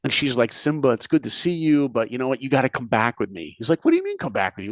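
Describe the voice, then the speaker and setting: A man with a very lively, swooping pitch tells a story, jumping into characters' voices and firing questions at his listener. The sound is dry and close, with no room echo. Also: fast talker, hardly any pauses. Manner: animated, acts out characters' lines, asks the listener questions. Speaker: podcast guest, speaker and filmmaker. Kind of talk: animated storytelling in conversation.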